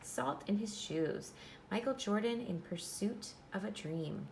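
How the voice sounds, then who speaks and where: A woman teacher giving a classroom read-aloud of a storybook, reading in a clear, instructive way and pausing to explain. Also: medium pitch, heavy background noise.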